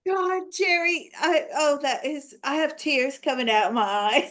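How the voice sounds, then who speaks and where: A woman host with a high, bright voice that swoops widely as she speaks. She talks slowly and teases her guest in a casual, giggly chat. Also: lively intonation. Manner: teasing, giggly interviewer. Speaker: psychic host.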